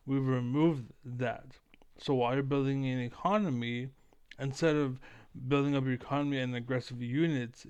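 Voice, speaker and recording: A man's voice: medium pitch, gravelly, clear, resonant tone. A man ranting casually on his stream, rambling and profane, with lots of filler words.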